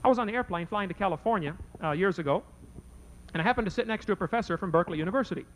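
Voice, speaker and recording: A man with a fairly high voice tells a story in a quick, rattling lecture style. His telling is folksy and joking, and he loads it with rhetorical questions. He speaks as a creationist debater addressing an audience. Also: lively intonation, a bit bright.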